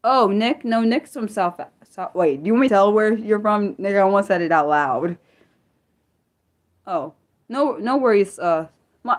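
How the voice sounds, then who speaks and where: A young woman from the United States talks to her livestream viewers in loose, unscripted chat. Her voice swings widely in pitch as she bursts into disbelief and then trips over her own restarts. She sounds animated and excitable throughout. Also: moderate pace. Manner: excitable, incredulous outbursts, stumbling restarts. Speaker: livestream host. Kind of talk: casual livestream chat reading viewer comments.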